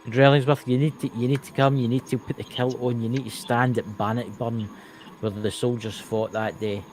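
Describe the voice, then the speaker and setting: A man with a Scottish accent from near Glasgow, talking with animated enthusiasm in a casual chat. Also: medium pitch, brisk, a little hiss or hum, low-quality recording. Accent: Scottish, Glasgow area. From Scottish lowlands near Glasgow.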